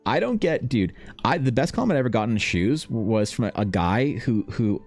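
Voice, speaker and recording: In a brisk, animated voice of medium pitch and darkish tone, a young adult man rambles through a casual live stream. He swears freely and addresses everyone as man or bro, with faint music behind him.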